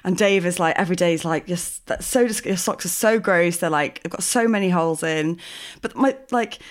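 A woman's voice: fairly low pitch, brisk. A woman co-hosting a podcast, talking in casual chat with a self-deprecating, giggly manner and lots of fillers. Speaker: podcast co-host.

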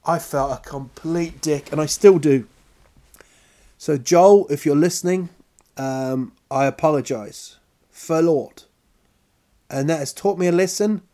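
Guy doing a comedy story, slow and drawn out, mocks himself, does little noises and voices. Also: on the high side. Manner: animated, self-mocking, acts out sounds and voices. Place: lives in Stockholm.

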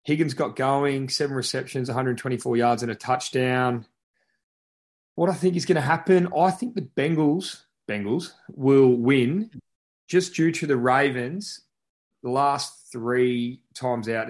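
An Australian man co-hosting a podcast, giving sports picks in a matter-of-fact way, full of stats. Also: medium pitch. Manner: matter-of-fact, stat-heavy. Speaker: podcast co-host. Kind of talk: casual sports chat.

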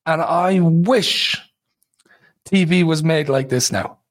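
A man co-hosting a podcast in casual chat, setting up topics and handing over to others in a measured way. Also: fairly high pitch. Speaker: podcast co-host.

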